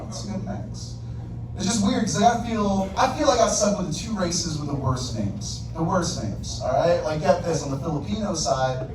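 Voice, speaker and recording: A man doing a stand-up comedy set in a club, working the crowd and hitting punchlines hard. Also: high voice. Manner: crowd work, loud punchlines. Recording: echoey club, distant mic, audience noise.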